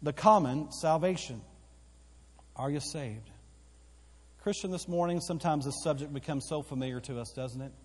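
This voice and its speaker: A man's voice: fairly high pitch, moderate pace, pauses often, slightly rough. A man preaching a sermon as pastor in a church auditorium, with emphatic repetition that builds in force. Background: live congregation hall.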